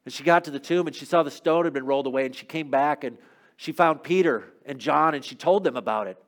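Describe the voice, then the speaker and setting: A man preaching a sermon as a first-person dramatic monologue, telling the story and swinging from loud to hushed. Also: a little high, fast.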